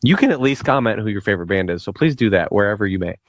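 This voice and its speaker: A man's voice: on the low side, animated, very fast, no room sound, clean studio sound. A man co-hosting a podcast, talking loosely and rambling in casual banter. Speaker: podcast co-host.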